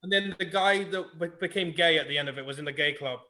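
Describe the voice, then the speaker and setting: Brief: bright, quick-talking British man, profane podcast co-host. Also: a little high. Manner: swears constantly, enthusiastic recommendations. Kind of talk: casual chat.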